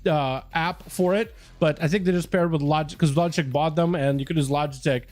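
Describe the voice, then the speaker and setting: A man's voice: fairly high pitch, fairly even intonation, fairly quick, a little mellow. A young man chatting casually with viewers on a gaming livestream, loose and full of swearing. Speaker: gaming streamer. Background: faint music.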